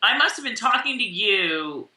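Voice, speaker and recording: A woman co-hosting a casual recap chat, chatty and quick to laugh, with lots of fillers. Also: on the high side, lively intonation, bright, forceful tone, distant mic. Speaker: podcast co-host. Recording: roomy and off-mic.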